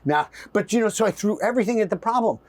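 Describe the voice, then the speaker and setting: A middle-aged man telling a story in an interview, animated and acting out voices and asides. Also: high voice, quick pace. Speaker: guest.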